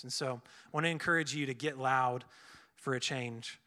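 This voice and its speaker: A man's voice: mid-range voice, steady tone, moderate pace, sharp tone. A young man giving an earnest, casual sermon, full of fillers and restarts. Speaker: preacher. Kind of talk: conversational sermon.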